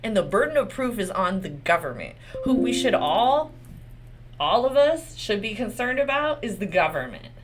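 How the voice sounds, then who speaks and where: A woman's voice: medium pitch, sing-song, normal speed, a little hiss or hum. A woman lawyer with a Texas accent giving casual, candid legal commentary, swearing often and asking rhetorical questions.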